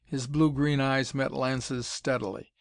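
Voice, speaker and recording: Brief: male audiobook narrator, measured, mid-pitched, dry close sound. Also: creaky, dry recording. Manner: steady, measured reading. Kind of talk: scripted narration.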